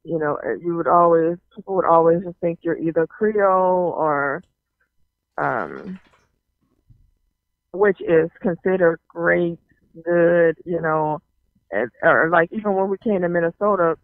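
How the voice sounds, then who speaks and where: A man from the South, telling stories in casual, animated talk-show chat, leaning on lots of "you know"s and laughs. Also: fairly high pitch, measured pace, no echo. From Southern US, New Orleans area. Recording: tinny phone-like sound.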